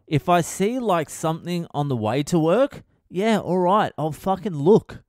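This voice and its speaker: A man's voice: a little high, expressive, unhurried, darkish tone, no room sound, clean studio sound. A middle-aged comedian hosting his own podcast, talking in a sweary, wry, rambling monologue. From Australia. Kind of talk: casual solo podcast monologue.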